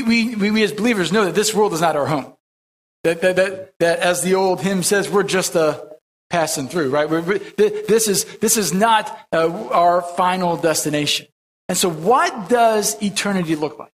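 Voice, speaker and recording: A male pastor preaching a conversational sermon, often repeating and restarting his words. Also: high-pitched.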